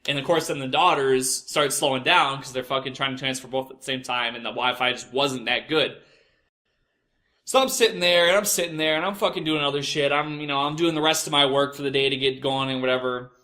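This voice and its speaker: A man's voice: mid-range voice, a little fast, pushed and bright. A young man telling a crude work story, exasperated and swearing constantly. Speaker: podcast host. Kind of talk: profane storytelling rant.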